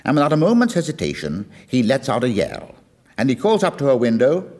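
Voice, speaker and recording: A music lecturer explains a song, telling its story like a storyteller and acting out the quoted lines. His mid-range voice is brisk and darkish in tone, with pitch that swoops wildly.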